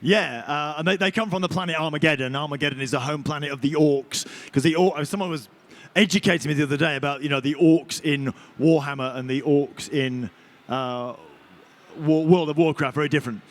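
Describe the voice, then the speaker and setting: A male actor talking on a convention panel, an animated, chatty storyteller. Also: fairly high pitch, a little fast. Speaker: voice and motion capture actor.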